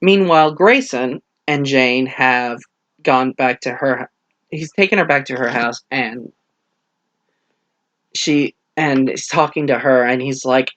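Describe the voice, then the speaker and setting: A young man rambling through a casual book review, retelling the plot with lively acted-out quotes. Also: medium pitch, slow, no echo, muffled recording.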